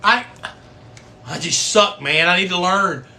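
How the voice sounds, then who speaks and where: Bright-voiced man chatting live. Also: sits high, measured pace, a little hiss or hum. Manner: folksy, swearing, chatty. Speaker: livestream host; coach. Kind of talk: casual livestream chat.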